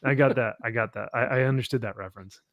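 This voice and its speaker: A man hosting a live comic book chat show, animated and laughing often as he reads viewer comments. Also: medium pitch, quick pace, lo-fi sound. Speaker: host. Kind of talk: casual chat.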